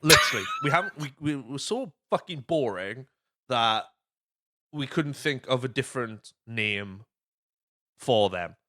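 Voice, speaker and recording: A man's voice: medium pitch, wildly swooping pitch, measured pace, pushed and bright. A man hosting a casual podcast, retelling movie scenes with lots of swearing and quoted voices. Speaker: podcast host.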